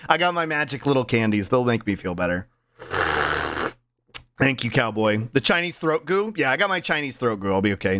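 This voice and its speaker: Tired-voiced streamer guy rambling to chat, tons of ums, pitch bouncing all over, faint music in the back. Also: animated, brisk, sharp tone, a faint crowd. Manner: rambling, many um and uh restarts, laughs easily. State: voice tired and strained. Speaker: livestreamer. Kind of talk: casual stream chat, reading chat aloud.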